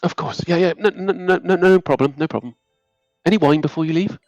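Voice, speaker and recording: A man's voice: fairly high pitch, brisk, a little mellow, dry recording, lo-fi sound, soft background music, pitched above the performer's own voice, close to an everyday voice. A man voicing a nervous young male temple servant who stammers and apologizes constantly. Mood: flustered.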